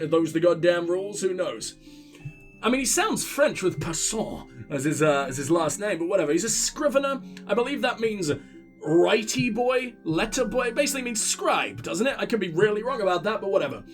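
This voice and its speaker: A man giving profane, sarcastic, rambling commentary while playing a video game. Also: high-pitched. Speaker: let's play host. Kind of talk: gaming commentary.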